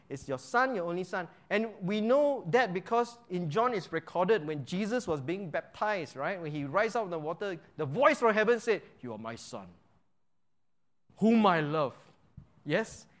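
A man teaching an interactive Bible lesson. He quizzes his listeners with frequent checks like "right?" and repeats key phrases for emphasis. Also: sits high.

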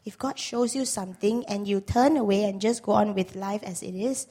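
Woman from Malaysia, guest preacher, hoarse voice, earnest and questioning. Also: mid-range voice, fairly even intonation, moderate pace, dark tone. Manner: earnest, asks the congregation questions. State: hoarse, lost voice. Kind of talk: sermon. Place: church.

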